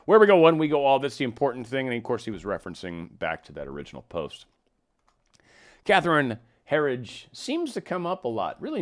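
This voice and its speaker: A man with a medium-pitched voice talks through political news in casual solo commentary. He adds wry asides and reads documents aloud as he goes.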